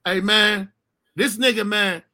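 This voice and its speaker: A man's voice: high-pitched, slow. A man telling a profane, comic childhood story in casual chat, laughing and acting out other people's voices. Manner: animated, laughs often, acts out voices, swears freely.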